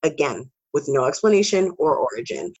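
A woman's voice: low voice, sing-song, a little fast, darkish tone, husky, dull audio. A woman co-hosting a podcast, reading spooky stories aloud with casual asides and some swearing. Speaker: podcast co-host. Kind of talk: casual storytelling.

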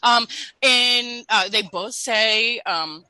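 A woman's voice: medium pitch, expressive, sharp tone, no room sound, rough recording. A woman in her thirties co-hosting a podcast, blunt and emphatic in casual chat. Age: 30s. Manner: emphatic, slow and blunt, swears when annoyed. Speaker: podcast co-host.

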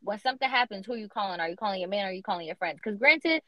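A woman's voice: medium pitch, animated, very fast, fairly bright tone, no room sound. A young woman co-hosting a podcast, talking in a casual, emphatic, slangy way with lots of fillers. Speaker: podcast co-host. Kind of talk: casual chat. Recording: dull lo-fi podcast audio.

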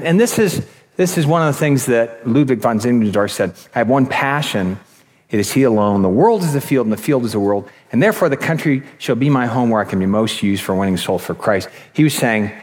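A middle-aged man gives a conference talk at a medium pitch. He tells stories with animated voices and restarts his phrases often. His voice carries a long reverb from the hall. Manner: animated storytelling, acts out voices, many restarts. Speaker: conference speaker.

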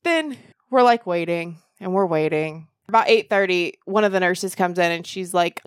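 Young woman, podcast co-host, lively storyteller, laughs a lot, dry sound. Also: fairly low pitch, normal speed, clean tone, dry recording. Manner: lively storyteller, acts out quotes, laughs often. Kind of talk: casual chat.

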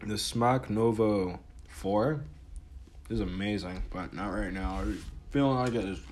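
A man's voice: lowish voice, a little slow, darkish tone, slight background noise. A man talking casually in a rambling, profane monologue, full of fillers and restarts, his throat sore and dry from a cold. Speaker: podcast host.

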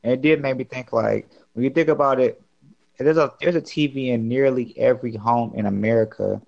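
Gravelly-voiced man rambling on a muffled mic. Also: mid-range voice, darkish tone. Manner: rambling, halting, many restarts. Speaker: podcast participant. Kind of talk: casual group chat.

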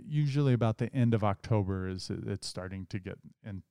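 A man, chatting on a church podcast, given to deadpan tall-tale jokes. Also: lowish voice, fairly quick, clean tone, no echo, clean studio sound. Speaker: departing church staff member, podcast guest. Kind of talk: casual podcast chat.

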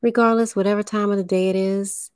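A woman hosting a spiritual livestream, speaking deliberately, enunciating carefully and guiding listeners through breathing. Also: medium pitch, flat delivery, smooth, no room sound, clean studio sound. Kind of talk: slow spiritual livestream talk.

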